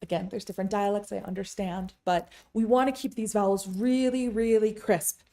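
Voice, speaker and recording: Here a native English speaker who teaches and interprets Tibetan talks to camera in a relaxed lesson on Tibetan sounds. Her mellow voice sits at medium pitch with fairly even intonation. She's chatty and a bit wry, dropping in asides and slowing down to show off crisp vowels.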